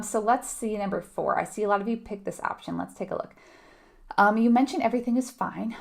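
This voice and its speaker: A woman's voice: mid-range voice, vocal fry. A woman tutoring nursing students live, in a conversational way, asking her viewers questions and laughing lightly. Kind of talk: live online teaching.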